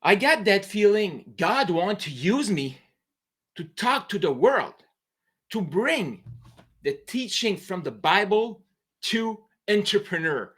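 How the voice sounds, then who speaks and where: A man with a French Canadian accent, a native French speaker, giving a fervent, halting monologue as an entrepreneur coach on a late-night live stream. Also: sits high, very animated, a bit bright, husky. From New Brunswick, Canada. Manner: emphatic, fervent, halting non-native English with broken phrasing.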